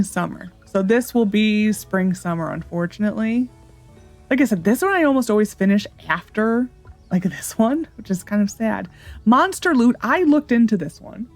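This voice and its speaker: A woman's voice: mid-range voice, vocal fry. A woman hosting a gaming channel, chatting casually and thinking aloud as she plays. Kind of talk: casual let's-play commentary.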